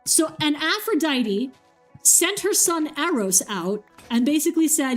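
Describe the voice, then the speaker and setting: A woman streamer casually retelling a myth, animated and swearing freely. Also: high-pitched, measured pace, soft background music. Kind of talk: casual storytelling.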